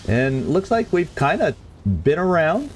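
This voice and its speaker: A man's voice: on the high side, big pitch swings, measured pace, a little hiss or hum. A man streaming a game, chatting casually and stumbling over tricky words as he reads lore. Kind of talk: let's play commentary.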